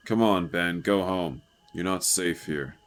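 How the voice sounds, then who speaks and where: A man voicing a gruff adult male orc hunter who gives blunt, stern warnings. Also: sits low, measured pace, pitched below the performer's own voice.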